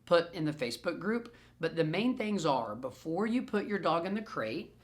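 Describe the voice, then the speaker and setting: Animated man answering training questions. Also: a little high, normal speed. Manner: animated, playful, repeats phrases for emphasis. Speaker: dog trainer. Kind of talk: answering questions in a recorded group Q&A. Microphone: self-recorded camera.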